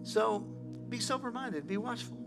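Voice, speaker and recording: Middle-aged pastor guy with a high voice, preaching, goes from chatty to yelling, music going behind him. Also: moderate pace, creaky. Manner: animated, swings from quiet storytelling to shouting. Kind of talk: sermon. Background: music playing.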